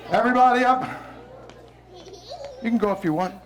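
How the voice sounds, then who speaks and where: A man's voice: very high voice, brisk, some chatter behind. A man from New Orleans, a visiting poet, performing his poems theatrically and cueing the audience to repeat lines. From New Orleans, United States. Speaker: visiting poet leading children and adults. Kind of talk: call-and-response poetry performance. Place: school hall with a live audience. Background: faint audience voices repeating lines.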